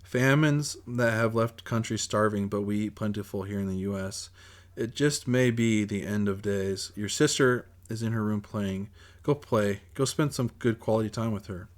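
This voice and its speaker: A man voicing a steady, resigned father talking to his son in a measured way, in a self-read audiobook. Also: fairly low pitch, natural voice. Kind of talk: audiobook character voice.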